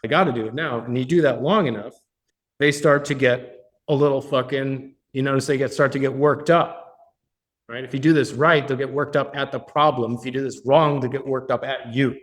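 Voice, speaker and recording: A man's steady, medium-pitched voice moves at a moderate pace as he coaches a live mastermind in a meeting room. He talks bluntly, swears plenty and keeps checking in with the people present.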